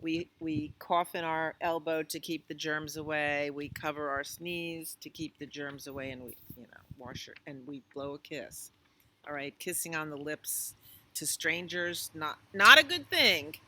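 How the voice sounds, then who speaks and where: Librarian lady doing kids storytime, lots of animal noises, low but bright voice. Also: a little slow, a little hiss or hum. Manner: animated, makes animal sounds. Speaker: children's librarian. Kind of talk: storytime read-aloud.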